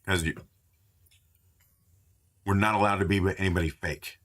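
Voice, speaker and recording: A man's voice: low-pitched, fairly even intonation, normal speed, fairly bright tone. A man hosting a live card-opening stream from a store, chatting and joking with viewers while calling out card names. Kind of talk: casual live-stream commentary. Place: indoors at a store.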